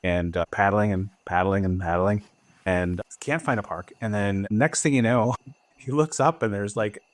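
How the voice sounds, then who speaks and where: A man's voice: lowish voice, no room sound. A man hosting a travel podcast, chatting casually and reacting with enthusiasm. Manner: enthusiastic, quick reactions and laughter. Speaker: podcast host. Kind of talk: casual chat.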